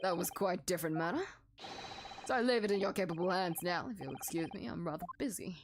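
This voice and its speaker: Eccentric, self-assured Victorian gentleman detective, put on by a woman reading game lines; airy and dismissive. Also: on the low side, fast talker, background noise, pitched below the performer's own voice, natural voice. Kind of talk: game dialogue read aloud.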